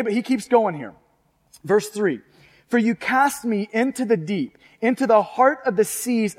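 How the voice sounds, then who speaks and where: Male pastor, fervent sermon delivery, high voice, long reverb. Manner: fervent preaching, reads scripture aloud, asks the congregation questions.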